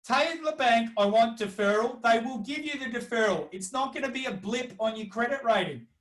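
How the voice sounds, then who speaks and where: A man's voice: very high voice, a little fast, a bit bright. A man with an Australian accent hosting a business webinar, ranting bluntly and swearing freely as he gives advice. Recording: echoey room, speaking away from the mic.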